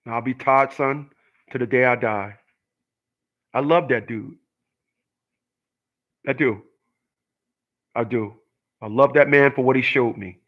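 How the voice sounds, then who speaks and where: Solo male host, middle pitch, emphatic monologue that hammers each point twice. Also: measured pace, pauses often, lo-fi sound. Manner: emphatic, repeats his points. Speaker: channel host.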